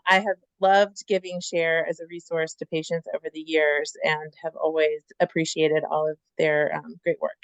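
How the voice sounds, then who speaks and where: A woman's voice: on the low side, clean tone, no echo, muffled recording. A woman in her forties, an oncology nurse, giving an informal, friendly talk with many ums. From Atlanta. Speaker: guest speaker, oncology nurse. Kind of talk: informal presentation.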